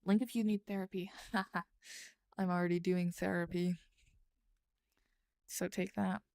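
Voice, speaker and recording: Gravelly slow-talking woman streamer. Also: on the low side, little pitch movement, darkish tone, dry recording, studio quality. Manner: rambling, thinks aloud while typing, answers chat. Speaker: streamer and writer. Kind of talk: casual live-stream chat while writing. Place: at home late at night.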